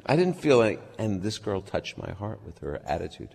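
A man's voice: fairly low pitch, big pitch swings, moderate pace, gravelly, a little mellow, slightly rough, in a large hall. A man who is a guest on a radio talk show, telling a reflective personal story in conversation.

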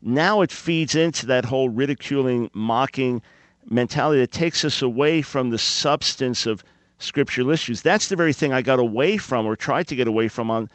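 An earnest man speaking as a guest on a radio show, measured but insistent. The recording is dry, with no room echo. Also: medium pitch.

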